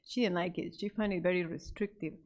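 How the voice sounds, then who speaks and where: A woman telling a missionary story to a church class, speaking off the cuff with fillers and restarts and voicing the characters' lines. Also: fast talker. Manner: animated, acts out the quoted characters with raised pitch; many fillers and restarts, unscripted. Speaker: Sabbath School storyteller.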